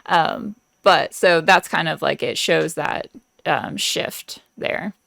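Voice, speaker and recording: A woman's voice: deep voice, slow, vocal fry, fairly bright tone, dry recording. A woman guest on a podcast, chatting casually with lots of fillers and easy laughs. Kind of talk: casual chat.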